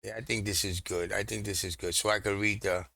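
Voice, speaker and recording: A man's voice: on the low side, fairly even intonation, fairly quick, gravelly, pushed and bright, no room sound. A man from the Caribbean hosting a reaction video, chatting casually and puzzling aloud over lines he can't follow. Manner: chatty, repeats himself, puzzles over what he hears. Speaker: reaction channel host.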